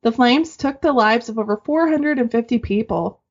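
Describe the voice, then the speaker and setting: A woman co-hosting a podcast, reading listener stories aloud in casual, animated chat and swearing freely. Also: fairly high pitch, moderate pace, slightly rough. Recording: dull lo-fi sound.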